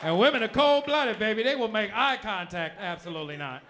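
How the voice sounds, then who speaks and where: A man performing a loud, animated, profane stand-up comedy routine on a comedy club stage. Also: high-pitched, fairly quick, heavy background noise. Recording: live club audio with crowd laughter.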